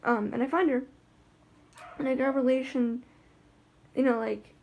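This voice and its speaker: A woman vlogging in an easy, rambling way, full of "um"s and "like"s and restarts. Her voice sits a bit high and has a gravelly fry to it. The tone is husky rather than clean. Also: fairly even intonation, a little slow, a little mellow, highs cut off. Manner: chatty and rambling, many fillers and restarts. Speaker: vlogger with a guide dog. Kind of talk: casual vlog chat.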